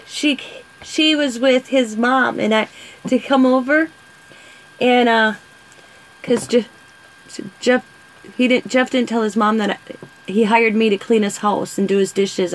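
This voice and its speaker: A woman with a somewhat high voice rambles through stories on a casual live stream. She talks straight to her viewers and answers their comments as she goes. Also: fairly even intonation, moderate pace, pauses often, poor audio. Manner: rambling, chatty storytelling to viewers. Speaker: vlogger.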